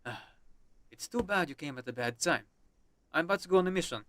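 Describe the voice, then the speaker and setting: A man's voice: fairly high pitch, lively intonation, fairly quick, fairly bright tone, slight background noise, pitched above the performer's own voice. A man voicing a stern army officer who warns a new recruit. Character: gruff male army officer, stern mentor.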